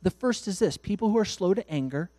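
Animated male preacher with a dry sound. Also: high voice, brisk, no room sound. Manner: animated, acts out dialogues. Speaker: pastor. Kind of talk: sermon.

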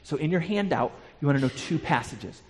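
A man with a fairly high voice teaches a Bible class in a hall where his words ring out with a long reverb. He explains passages step by step and often doubles a word as he restarts a sentence. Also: lively intonation, brisk, a little hiss or hum.

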